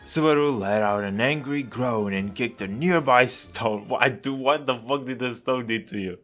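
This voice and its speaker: A man doing a comedic chatbot role-play, reading the story out and answering in a deadpan, mock-casual, trolling way over faint music. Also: medium pitch, normal speed, hardly any pauses. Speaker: YouTuber role-playing with an AI chatbot.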